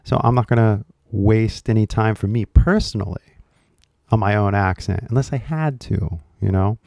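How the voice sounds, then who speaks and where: A man's voice: fairly low pitch, normal speed, gravelly, darkish tone, dry recording, clean studio sound. A man with a Californian accent, casually chatting to camera as the host of an English-learning video, rambling and jokey with lots of fillers.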